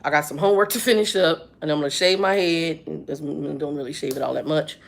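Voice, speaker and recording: A woman's voice: sits low, a little fast, creaky. A woman, telling a story in a casual, chatty vlog. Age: 50s. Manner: animated, chatty storytelling with lots of reported speech. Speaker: vlogger.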